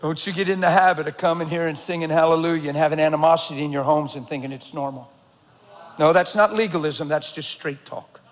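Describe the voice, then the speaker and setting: A man preaching a sermon as a pastor, telling a story with loud excited bursts and hushed earnest stretches. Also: a little high, a little fast. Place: large church hall. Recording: reverberant church hall.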